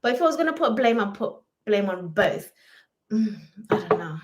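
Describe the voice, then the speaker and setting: A woman's voice: mid-range voice, very animated, moderate pace, noisy background. A British woman co-hosting a live chat stream, chatty and reading out viewer comments. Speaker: livestream co-host.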